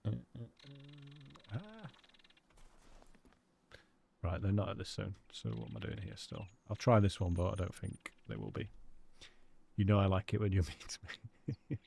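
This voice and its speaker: Gravelly-voiced British man streaming a game. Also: lowish voice, huge pitch swings, a little slow, long pauses, mellow, a little hiss or hum. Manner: chatty, thanks and greets viewers by name. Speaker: live streamer. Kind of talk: live gameplay commentary chatting with viewers.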